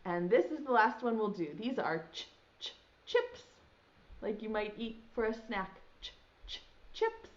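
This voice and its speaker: A woman's voice: mid-range voice, normal speed, highs cut off. A young woman teaching a virtual preschool lesson, talking to small children in a sing-song, encouraging way and stretching out sounds.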